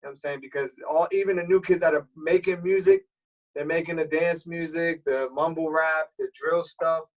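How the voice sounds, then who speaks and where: Radio DJ guest, male, streetwise and easygoing, slightly raised pitch, heard from a little off the mic. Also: moderate pace. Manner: relaxed, explanatory, streetwise talk. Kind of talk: casual interview chat. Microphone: remote call. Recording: voice a bit far from the mic.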